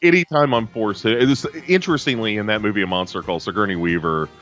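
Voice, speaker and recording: A low-pitched American man chatting loosely on a film podcast, rambling through his thoughts and restarting sentences as he goes. Soft music sits faintly underneath his voice. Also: quick pace, lo-fi sound. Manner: rambling, self-interrupting, chatty. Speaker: podcast co-host. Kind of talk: casual chat.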